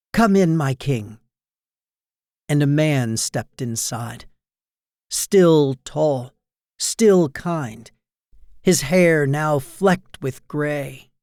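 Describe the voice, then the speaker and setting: A storyteller reading a fairy tale aloud softly and soothingly, as a bedtime story. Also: medium pitch, no room sound, studio quality.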